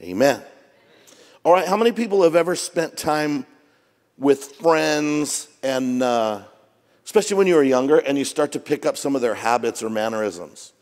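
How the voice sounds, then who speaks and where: A man's voice: fairly high pitch, animated, moderate pace, a little mellow. A middle-aged man preaching a sermon as pastor, joking and conversational, jet lagged. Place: church auditorium. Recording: long reverb of a church hall.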